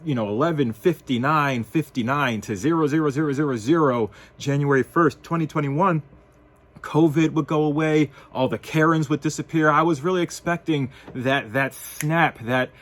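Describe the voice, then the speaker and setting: A man's voice: fairly high pitch, normal speed. A man talks straight to his viewers in a casual vlog. His commentary is sarcastic and wry, swinging between joking asides and more serious points. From United States. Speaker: vlogger.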